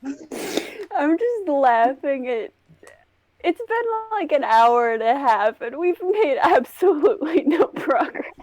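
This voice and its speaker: A woman's voice: sits high, animated, takes it slowly, a little mellow, low-quality recording. A woman running a tabletop game as game master, dry and self-mocking.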